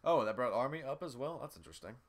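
A man's voice: medium pitch, animated, quick pace. A man streaming a game live, commenting casually, swearing freely and reading the on-screen text aloud. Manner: swears freely and talks straight to viewers. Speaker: gaming streamer.

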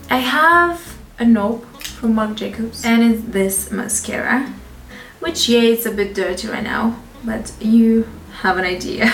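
A woman's voice: mid-range voice, reverberant, recorded from a distance, a little hiss or hum. A woman with a French accent reviewing beauty products in a chatty, frank way, laughing between phrases. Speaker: beauty vlogger.

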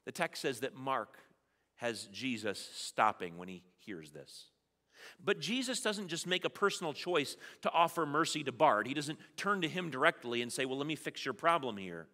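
A man's voice: mid-range voice, sing-song, moderate pace, pushed and bright. A male pastor preaching a sermon in a church sanctuary, conversational with playful asides. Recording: long church reverb.

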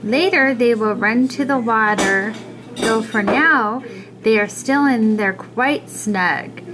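A woman voicing a calm, matter-of-fact mother turtle in a storybook reading, speaking firmly. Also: on the high side, takes it slowly, rough recording.

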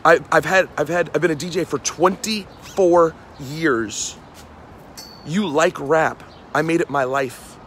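A man's voice: fairly high pitch, slow, fairly bright tone, a little hiss or hum. A man in his forties from New City, a radio host walking down a city street and scolding people in a heated rant, repeating lines for emphasis. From New York City. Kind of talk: angry street rant to camera.

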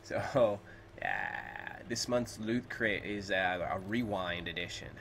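A man's voice: sits low, slow pace, creaky, a bit bright, a little hiss or hum. A man streaming a zombie shooter, muttering casual commentary to himself and swearing now and then in a small room. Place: small room he calls a closet.

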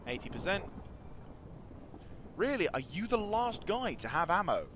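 A man giving casual commentary over a strategy game, talking to his units and swinging from quiet mumbles to excited shouts. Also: high-pitched, measured pace, slight background noise. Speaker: gaming video host.

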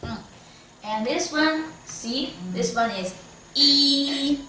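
A woman's voice: on the high side, lively intonation, slow pace, far from the mic, noisy background. A woman from China with a Chinese accent, patiently teaching a Mandarin lesson in English and modelling the tones. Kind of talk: online language lesson. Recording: echoey room, voice slightly off-mic.

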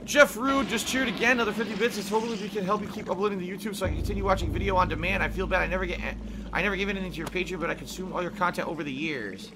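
A man live-streaming a video game, swearing, shouting at jump scares and thanking viewers for donations. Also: high voice, background noise. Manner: profane, quick to yell at scares and thank donors. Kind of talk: live gameplay commentary. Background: game music.

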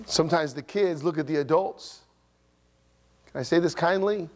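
A man's voice: a little high, moderate pace. A man preaching a sermon as pastor, passionately pressing his points and voicing imagined objections from the congregation. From United States. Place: church sanctuary.

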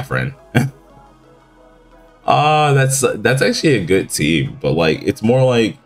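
A young man giving relaxed, rambling commentary on a mobile game match, sounding groggy with his morning voice and using casual slang. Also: sits low. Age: young adult.

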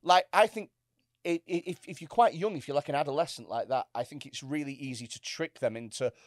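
A man's voice: fairly high pitch, a little fast, no room sound, studio quality. A man co-hosting a comedy podcast, telling anecdotes with swearing and acted-out quotes. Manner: storytelling, swearing, acts out quotes. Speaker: podcast co-host. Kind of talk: casual comedy podcast chat.

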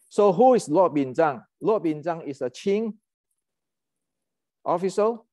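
A man's voice: fairly high pitch, lively intonation, unhurried, long pauses, a little mellow, no room sound. Heated man. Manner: heated, ranting, many restarts and fillers. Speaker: martial arts channel host. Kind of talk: casual lecture.

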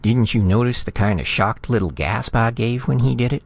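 A man's voice: mid-range voice, moderate pace, vocal fry, pitched above the performer's own voice. A man voicing a nervous, fussy male diplomat who stutters when flustered. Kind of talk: audiobook character reading.

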